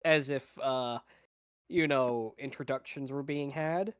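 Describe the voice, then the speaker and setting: A man in a tabletop game, talking slowly and hesitantly. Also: medium pitch, fairly even intonation, a bit bright, clean tone, no room sound, clean studio sound. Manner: slow, hesitant. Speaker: player. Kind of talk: casual chat at a game table.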